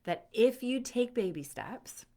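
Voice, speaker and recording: A woman's voice: on the high side, a little slow. A woman sport psychology coach giving motivational tips to camera in an upbeat, conversational way, speaking straight to the viewer. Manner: quotes an athlete's inner voice with lively put-on emotion.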